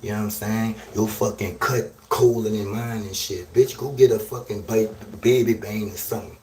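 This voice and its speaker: A man hosting a live stream, delivering a loud, crude, rambling rant and checking in with "you hear me?". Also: lowish voice, steady tone, moderate pace. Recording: roomy echo, distant from mic, faint noise.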